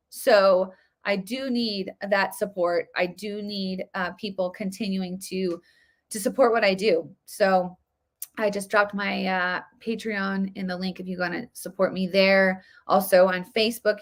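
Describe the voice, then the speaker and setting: A woman's voice: mid-range voice, pushed and bright. A woman hosting a livestream, talking earnestly in a loose, preachy way and repeating phrases for emphasis. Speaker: host of a faith and politics livestream. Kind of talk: casual livestream talk with preaching.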